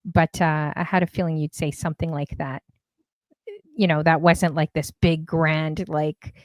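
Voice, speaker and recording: A woman's voice: low-pitched, flat delivery, measured pace, no room sound. Chatty woman host. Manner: chatty, scattered, giggly. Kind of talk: casual live-stream interview.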